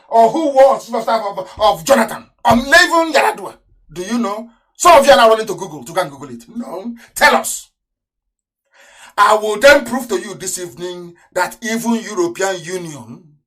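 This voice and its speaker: A man with a Nigerian accent delivering an impassioned live radio address, full of scornful rhetorical questions, swinging between loud outbursts and low mutters. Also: low-quality recording. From southeastern Nigeria. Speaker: radio broadcaster and activist.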